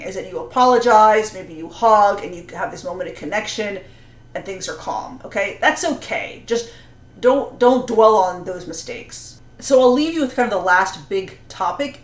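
Woman coaching parents, earnest and explainy, lots of "right?", medium pitch, kind of echoey room. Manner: earnest, explanatory, with frequent "you know" and "right?". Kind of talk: advice talk to camera. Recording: roomy echo.

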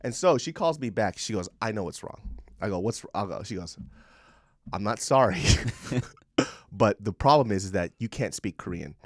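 A man in his thirties, a podcast co-host, telling a story in casual chat, swearing often and loudly acting out the quotes. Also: fairly low pitch, normal speed, dry recording, clean studio sound. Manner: animated, profane, acts out quotes loudly.

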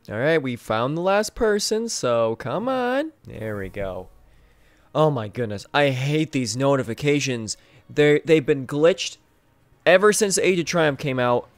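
A young man giving casual gameplay commentary, swinging between mumbled asides and excited yelps. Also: mid-range voice, no echo. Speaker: gaming YouTuber.

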